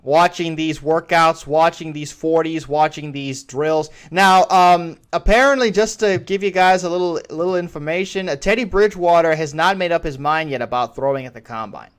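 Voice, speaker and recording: Man, sports talk host, opinionated, rambling, smooth clear tone. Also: on the high side, normal speed, hardly any pauses. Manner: rambling, restarts phrases often. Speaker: podcast host. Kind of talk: solo sports commentary.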